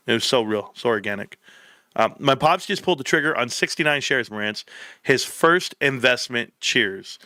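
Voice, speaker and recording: A man's voice: mid-range voice, gravelly, sharp tone, clean tone, dry recording, clean studio sound. A man hosting a live stream, reading viewer comments and joking around in loose, profane banter.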